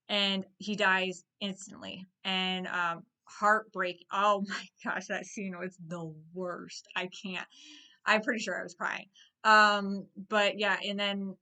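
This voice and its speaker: A woman casually recapping a movie plot in a chatty, expressive way, acting out characters' lines now and then. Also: mid-range voice. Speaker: movie vlogger.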